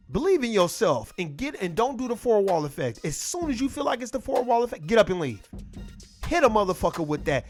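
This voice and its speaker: A middle-aged man talking casually to camera in a blunt, profane, animated way. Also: high-pitched, fairly quick, faint music behind.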